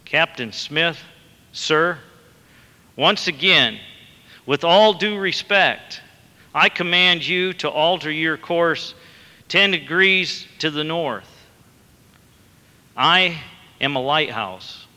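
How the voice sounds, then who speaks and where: A preacher voicing a polite, steady young lighthouse keeper, quiet and unhurried. His speech is firm but respectful, and a long hall reverb trails each word. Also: a little high, exaggerated voice. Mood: calm.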